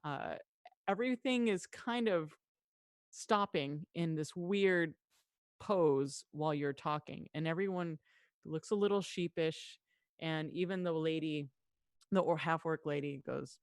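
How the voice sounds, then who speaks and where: A woman's voice: low voice, no room sound. Dry-miked woman running a tabletop game. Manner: lively, voices townsfolk in quick asides. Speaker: game master.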